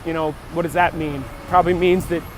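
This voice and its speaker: Man vlogging on a walk, high-pitched voice, rambling, faint street noise behind. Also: little pitch movement, a little fast. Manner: rambling, musing, self-interrupting. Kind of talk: casual walk-and-talk vlog. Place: outdoors on a walk near traffic.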